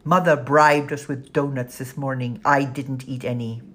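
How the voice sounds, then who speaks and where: A woman's voice: extremely low pitch, fairly even intonation, normal speed. A woman doing a sullen, biting older sister. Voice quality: dry, biting. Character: sullen, sharp-tongued girl, older sister. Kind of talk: audiobook character voice.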